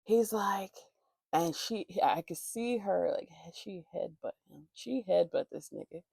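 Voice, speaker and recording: A woman rambles through a storytime while putting on makeup, swearing freely and slipping into the voices of the people she describes. Her voice sits in a very gravelly fry, recorded close and dry with no room sound. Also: fairly low pitch, expressive, unhurried, mellow, dry recording. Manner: rambling, profane, acts out quoted voices. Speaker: vlogger. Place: at home, morning makeup routine.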